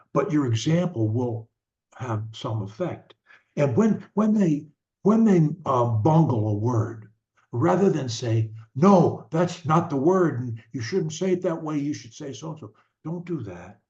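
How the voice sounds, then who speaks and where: An older man coaching parents on speech, talking in a slow, deliberate way with halting restarts. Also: mid-range voice, dark tone. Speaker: stuttering coach. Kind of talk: advice talk to parents. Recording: dull lo-fi sound.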